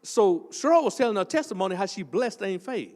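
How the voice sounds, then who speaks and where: An older man, preaching a testimony sermon as associate pastor and telling a story that builds up into shouting. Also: high voice, a little fast, big-room sound. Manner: animated storytelling, swells into shouting.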